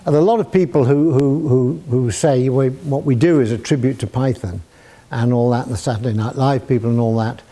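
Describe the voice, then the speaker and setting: A man's voice: medium pitch, brisk, dark tone. An older man answering student questions in a university hall, telling anecdotes with chuckles and acting out quoted voices. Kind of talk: anecdotal Q&A storytelling.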